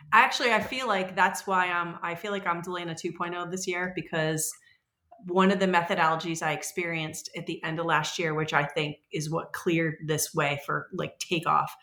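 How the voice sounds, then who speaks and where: A woman in her forties talks in a casual, rambling way and gets animated as she acts out quoted voices. Her voice is bright and forceful and sits a little low for a woman. It sounds echoey, as if recorded in a bare room. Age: 40s. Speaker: podcast guest. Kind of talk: casual conversational storytelling.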